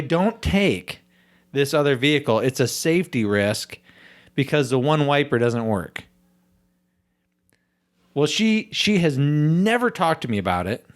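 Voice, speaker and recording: Guy on a podcast ranting about a coworker, swears constantly, does little voices for people. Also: medium pitch. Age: has a young daughter. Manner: swearing storyteller, animated quoting of others. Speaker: podcast host. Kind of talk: casual podcast chat.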